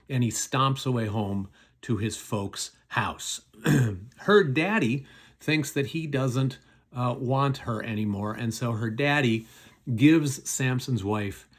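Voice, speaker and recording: A middle-aged man, a pastor, casually retelling a Bible story in a chatty, folksy way with many fillers. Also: medium pitch.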